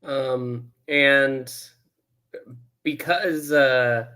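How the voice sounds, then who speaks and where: Slow, halting man recapping a movie. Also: mid-range voice, steady tone, pushed and bright, smooth. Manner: halting, lots of ums and uhs, dry asides. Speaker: movie review podcast co-host. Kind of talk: casual movie review chat.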